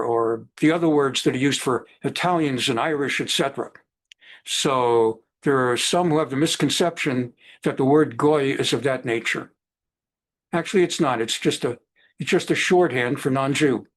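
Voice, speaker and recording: A man teaching a Torah class over a video call, digressive and lively, sprinkling in Hebrew terms. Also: medium pitch, moderate pace. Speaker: rabbi teaching a Bible class.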